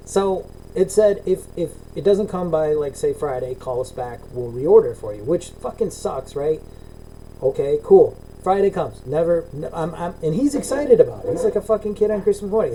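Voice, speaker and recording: A middle-aged man venting on a video call podcast, swearing freely and acting out his exchanges with others. His voice is very dark and mellow, with a faint hiss of background noise behind it. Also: a little high, brisk, poor audio. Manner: ranting, swears a lot, acts out both sides of calls. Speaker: podcast co-host. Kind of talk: casual profane chat.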